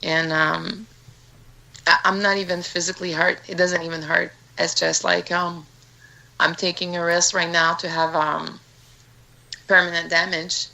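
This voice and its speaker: A woman's voice: fairly low pitch, flat delivery, measured pace, creaky, pushed and bright, rough recording. A woman in her thirties from Canada, with a Canadian accent, speaking earnestly as a guest on an interview podcast and often restarting her sentences. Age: 30s. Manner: earnest, frequent restarts and repeated words. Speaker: guest fighter. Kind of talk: casual interview talk.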